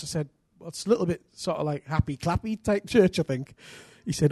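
A middle-aged man from England, preaching a sermon full of personal stories, energetic and self-deprecating with bursts of loud emphasis. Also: fairly high pitch, brisk, hardly any pauses, slightly rough, no room sound, studio quality.

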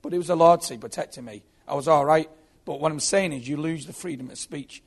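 A man's voice: a little high, brisk, slightly rough. A man telling his own story as a Christian testimony, earnest and often repeating his words. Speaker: former prisoner giving testimony.

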